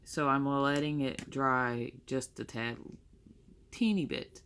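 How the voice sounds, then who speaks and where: A woman's voice: very deep voice, slow, fairly bright tone, a little hiss or hum. A young woman chatting casually through her makeup tutorial, rambling and correcting herself as she goes. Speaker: makeup vlogger.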